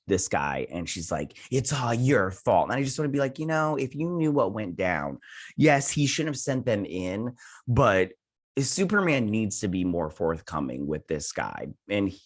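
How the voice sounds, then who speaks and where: A man giving a casual, rambling recap and review of a TV episode, with lots of false starts and fillers. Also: on the low side. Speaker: TV show reviewer.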